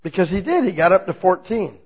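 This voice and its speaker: A man preaching an informal, conversational sermon, asking the congregation many questions and swinging between quiet asides and loud, emphatic lines. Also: high-pitched, big pitch swings, a little fast, husky, dull audio. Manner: asks the listeners many rhetorical questions.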